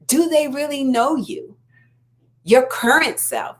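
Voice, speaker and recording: A woman's voice: high voice, very animated, measured pace. A woman life coach giving an earnest, encouraging self-help talk, repeating phrases for emphasis.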